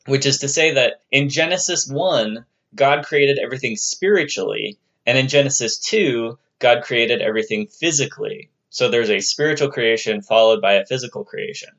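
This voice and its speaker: A man's medium-pitched, slightly bright voice comes through with the high frequencies cut off as he explains religious texts. His lecture is conversational, with the odd playful aside and playful voices for quoted figures.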